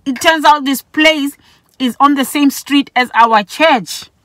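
In a casual vlog, a middle-aged woman from Botswana tells a personal story directly to camera at a slow pace. Her slightly high voice is animated, and she takes on the voices of people she quotes. The audio is dry and close, with no room echo.

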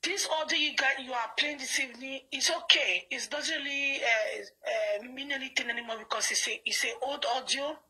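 Nigerian pidgin woman ranting on a call, defiant, high tight voice. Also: normal speed, hardly any pauses, bright, forceful tone, breathy edge, poor audio. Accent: Nigerian Pidgin English. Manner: angry, defiant, insistent. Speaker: caller. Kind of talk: heated phone call on a live video.

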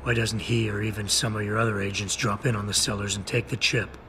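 A terse male cyborg agent in a video game questions his orders in a low, clipped voice. The tone has a bright, hard edge, and a faint hiss sits behind it. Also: level tone, fast talker. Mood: skeptical. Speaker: game character.

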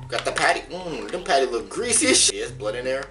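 A man doing a let's play commentary, excitable and swearing a lot, yelping and shouting in surprise. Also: medium pitch, a little fast, recorded from a distance, background noise. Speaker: gamer.

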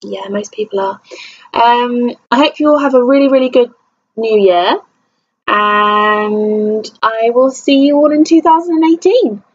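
A woman's voice: a little high, unhurried, muffled recording. A tired young woman from England chatting to camera in a rambling, self-deprecating vlog. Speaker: vlogger. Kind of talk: casual chat to camera.

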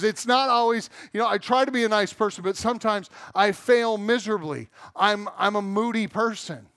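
A man's voice: high voice, moderate pace, hardly any pauses, fairly bright tone, no room sound, studio quality. A middle-aged man from Southern California preaching a sermon in church, candid and self-mocking, acting out the voices he quotes. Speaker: pastor. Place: church sanctuary.

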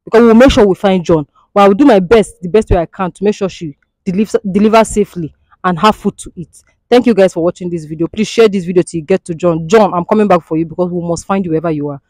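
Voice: mid-range voice, fast talker, darkish tone, no room sound, rough recording. A skit host, pleading earnestly and then speaking to viewers. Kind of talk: comedy skit, addressing viewers.

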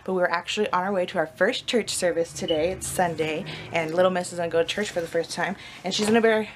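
A woman's voice: fairly low pitch, fairly even intonation, fast, slight background noise. A young woman and new mother chatting casually for her vlog, rambling a little and laughing easily.

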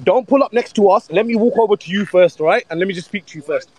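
A man's voice: high voice, quick pace, darkish tone, low-quality recording. A man on a street livestream, urgently bossing his friends around outdoors by a car. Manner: pushy, urgent, talks over others. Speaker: livestreamer organizing a street fight.

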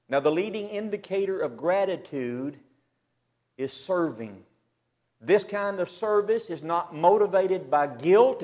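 A man preaching a sermon to a church assembly, swinging from loud emphasis to a hushed near-whisper. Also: on the high side.

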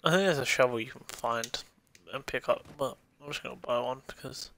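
A man's voice: mid-range voice, brisk, creaky, a bit bright, slight background noise. A man casually commentating his own gameplay on a stream, thinking aloud and swearing freely. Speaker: game streamer.

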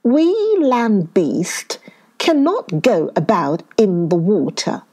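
A woman's voice: lowish voice, big pitch swings, slow pace, mellow, slightly rough, exaggerated voice. A woman voicing a clever, sly monkey. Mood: wary. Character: clever male monkey, quick-witted and sly.

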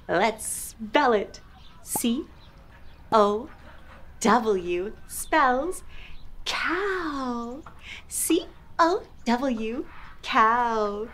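A young woman hosts a toddler lesson with big, exaggerated delivery. Her voice sits high and swoops widely, and she takes everything very slowly. A faint hum of noise sits behind her. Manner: animated, exaggerated, slow and sing-song. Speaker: children's show host. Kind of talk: playful teaching for toddlers.

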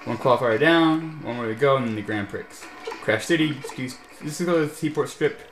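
A young man doing let's play commentary, ranting in frustration at a racing game and mixing shouts with laughter. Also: medium pitch, fairly quick, slight background noise. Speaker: gameplay commentator. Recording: echoey room with game music.

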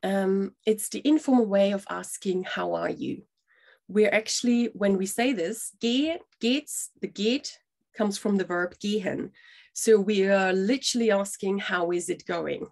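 A woman's voice: mid-range voice, measured pace, creaky, a little mellow. A middle-aged woman teaching a language lesson to the camera, explaining patiently step by step and checking in with "yeah?" as she goes.

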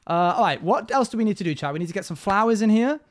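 Streamer, young adult, a little higher-pitched, casual and chatty with chat. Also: male voice, expressive, very fast. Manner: chatty, addresses chat often, laughs easily. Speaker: live streamer.

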